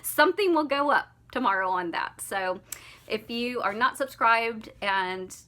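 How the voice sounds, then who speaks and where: A young woman talks in a bright, somewhat high voice. She chats casually to her viewers, gushing and laughing easily as she goes. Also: animated, a little slow. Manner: gushing, chatty, laughs often. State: slightly out of breath after walking dog. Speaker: vlogger. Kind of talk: casual unboxing vlog.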